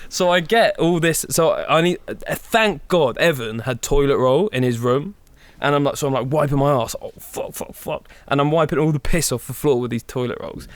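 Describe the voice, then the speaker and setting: A young man co-hosting a podcast, telling a long story in an animated way, swearing a lot and acting out his own panic. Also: medium pitch, no echo. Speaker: podcast co-host. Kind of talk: casual storytelling.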